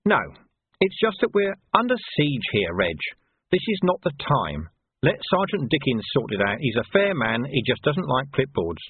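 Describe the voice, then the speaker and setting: A weary, hard-headed sergeant in charge of a barricade, as a man plays him in a storybook reading. He gives orders in a firm, dry way, with a lively lift in pitch. The recording is thin, phone-like and dry. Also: moderate pace, slightly rough, no room sound.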